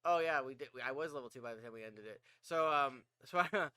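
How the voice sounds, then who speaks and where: A man tells a gaming story on a podcast, rambling and swearing as he goes. His voice is bright and crisp, a little higher than most men's, and he acts out his own panicked shouts. The recording is dry and close. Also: brisk, no echo. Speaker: podcast host. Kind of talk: casual storytelling chat.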